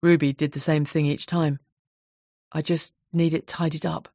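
A woman voicing a grieving widower who speaks softly and quietly, sounding numb. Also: little pitch movement, normal speed, no echo, studio quality. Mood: subdued. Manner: soft, low, numb-sounding.

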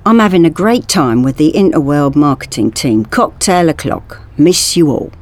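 A woman voicing an anxious, earnest young man who speaks in a hushed, intense way, in a storybook reading. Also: low voice, expressive, moderate pace.

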